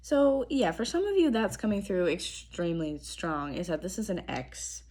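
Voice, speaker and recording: A young woman giving a casual tarot reading to camera. Her throat is strained and she talks in a chatty, relaxed way, clearing her throat often. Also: fairly low pitch, moderate pace. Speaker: tarot reader. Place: apartment room indoors.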